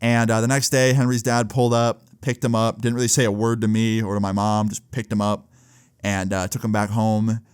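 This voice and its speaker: A man's voice: on the low side, flat delivery, a little fast, smooth, no room sound, studio quality. A young man casually telling a story from his teens, laid-back and loose, full of "like" and swearing. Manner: laid-back, filler-heavy with frequent "like" and swearing. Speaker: vlogger.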